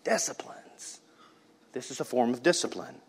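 A man preaching a sermon, swinging between loud, animated passages and hushed asides. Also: mid-range voice, normal speed. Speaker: pastor.

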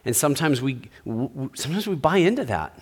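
A man's voice: mid-range voice, sing-song, brisk, a little mellow, husky. Man preaching with rhetorical questions. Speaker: pastor. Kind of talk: sermon.

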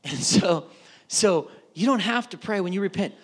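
Man, pastor, casual sermon, high voice, joking, conversational. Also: lively intonation, normal speed.

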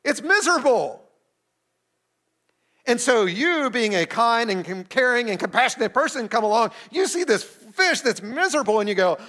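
A man with a bright, high-pitched voice delivers a sermon. His tone is relaxed and conversational, with a playful streak, and he keeps tossing questions to his listeners and answering them himself. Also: normal speed. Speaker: pastor. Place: streamed service addressing an online chat.

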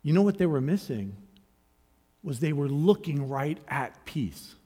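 A man preaching a sermon, his voice pitched a little high and often climbing higher as he builds to loud calls. Between those peaks he drops to soft, searching questions. The sound rings with the long reverb of a large hall. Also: very animated, unhurried. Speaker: pastor.

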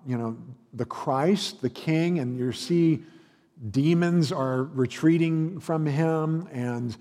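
A man's voice: fairly high pitch, slow pace, warm tone, big-room sound. A man preaching a sermon as pastor, earnest and emphatic, building through rhetorical questions.

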